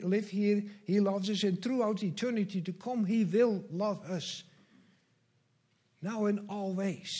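A pastor preaching a sermon, earnest and measured, with slow emphatic repetitions. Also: male voice, high voice.

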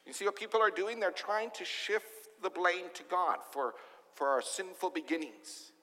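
A man's voice: sits high, normal speed, bright, forceful tone, big-room sound. A man preaching a sermon as pastor, emphatic and full of rhetorical questions.

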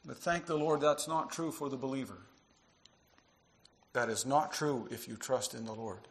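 A man preaching a sermon to his congregation, earnest, dropping to quiet asides and rising into emphatic passages. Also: mid-range voice, normal speed. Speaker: pastor.

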